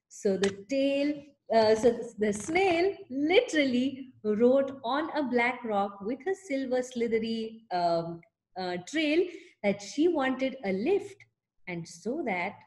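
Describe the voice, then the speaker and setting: A woman teacher reading a picture book aloud to children, pausing to explain pictures and ask questions. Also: on the high side, very animated, a little mellow.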